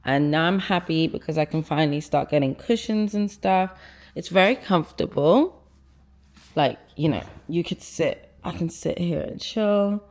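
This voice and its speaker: Out of breath, a young woman vlogs from the living room of her apartment, chatty and excited with plenty of fillers. She's a lifestyle vlogger whose low-sitting, slightly mellow voice moves at a normal speed.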